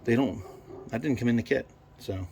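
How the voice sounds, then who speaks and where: A man's voice: medium pitch, moderate pace, gravelly, background noise. A man in his garage talking through a carburetor rebuild, rambling and swearing freely as he works. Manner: profane, rambling, thinks aloud. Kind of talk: casual workshop how-to.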